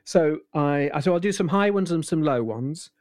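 A man in his sixties, an impressionist, telling anecdotes in a relaxed, rambling interview with many restarts. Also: on the high side, moderate pace, dry recording, clean studio sound. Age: 60s. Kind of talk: casual interview chat.

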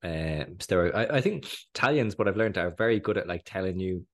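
Low-voiced Irish man with a cold. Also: lively intonation, brisk. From Ireland. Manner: rambling, self-interrupting, laughs often. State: slightly hoarse from a cold. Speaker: podcast co-host. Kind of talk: casual chat.

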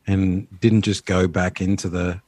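A man talking as a podcast guest in a relaxed, reflective way, with halting restarts. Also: low voice, no echo. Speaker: guest, filmmaker and former band member. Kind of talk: casual interview chat.

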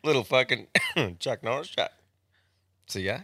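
Bright-voiced laid-back Australian man. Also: mid-range voice, lively intonation, measured pace, gravelly, no room sound, studio quality. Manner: laid-back, swears freely, laughs often. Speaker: podcast co-host. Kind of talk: casual chat.

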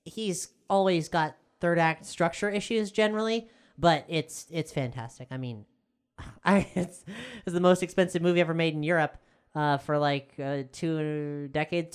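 Casting: woman, low and smooth voice, dry quips, relaxed conversational co-host. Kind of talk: casual chat.

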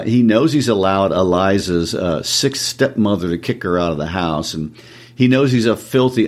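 A man's voice: low voice, a little mellow. A man co-hosting a casual discussion of a play, explaining thoughtfully with frequent fillers. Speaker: podcast co-host discussing a play.

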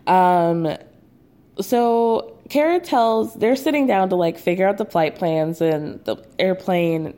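A woman's voice: lowish voice, slow, dark tone. A young woman casually recapping a show, chatty and sarcastic, full of "like" and "um". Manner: chatty and sarcastic, with many fillers.

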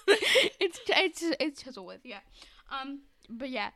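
A woman's voice: high-pitched, very animated, slow, bright, forceful tone, dry recording. A young woman co-hosting a podcast, chatting casually and retelling scenes with lots of giggling. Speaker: podcast co-host. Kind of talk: casual chat.

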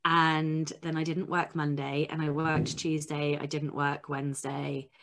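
A woman's voice: deep voice, level tone, unhurried. A woman co-hosting a podcast, chatting casually and wryly, worn out and tired. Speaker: podcast co-host. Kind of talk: casual chat.

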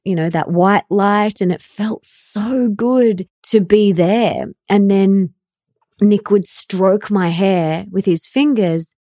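A woman in her thirties telling a deeply personal story in an earnest, emotional way, with many "like" fillers. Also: mellow, dry recording, clean studio sound. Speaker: podcast host.

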